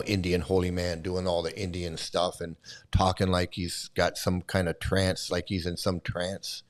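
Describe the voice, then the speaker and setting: A man's voice: low-pitched, little pitch movement, unhurried. A man hosting a commentary video, ranting heatedly, swearing and repeating himself as he gets worked up. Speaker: commentary host. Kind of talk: angry commentary rant.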